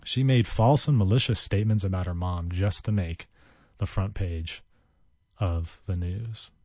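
A man's voice: sits low, unhurried, dark tone, no echo, clean studio sound. A man giving a casual vocabulary lesson, chatty, wandering into tangents and repeating each word several times. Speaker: vocabulary teacher.

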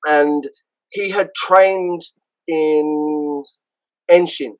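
A man with a London accent, a podcast guest and karate instructor, telling stories casually in an animated way, with frequent restarts. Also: on the high side, extremely slow, clean tone, poor audio. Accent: London English. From London, England. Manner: animated, acts out others' voices, frequent restarts. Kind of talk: casual storytelling.

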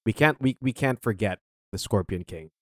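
A young man in casual chat, relaxed and agreeable, often saying yeah and dude. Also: fairly low pitch, normal speed, no echo, studio quality.

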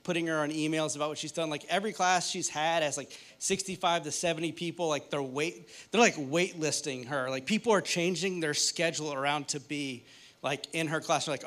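In his late thirties, this pastor delivers a sermon like a conversation among friends, full of funny stories and playful asides. His voice sits a bit higher than most men's, and he talks at a brisk clip.

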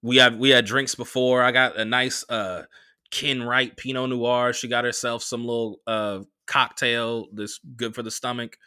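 A young man hosting a podcast, telling a story in a casual, profane, animated way and acting out the quotes. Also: mid-range voice, unhurried, clean tone, dry recording, studio quality. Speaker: podcast host.

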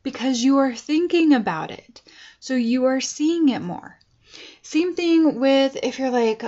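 A woman's voice: a little high, normal speed, a little mellow. Earnest chatty woman coaching, slightly dull sound. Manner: earnest, chatty, with tough-love asides. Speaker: life coach. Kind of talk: casual motivational talk to camera.

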